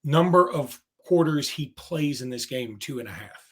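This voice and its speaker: A man's voice: mid-range voice, expressive, normal speed. A man co-hosting a sports podcast, asking prediction questions with dry, teasing humor. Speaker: podcast co-host. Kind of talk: casual sports chat.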